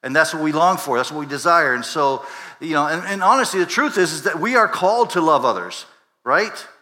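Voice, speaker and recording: A man's voice: a little high, expressive, a little fast, bright, forceful tone. Man preaching in a reverberant hall. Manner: conversational preaching with many restarts and rhetorical questions. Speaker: pastor. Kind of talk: sermon. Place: church sanctuary.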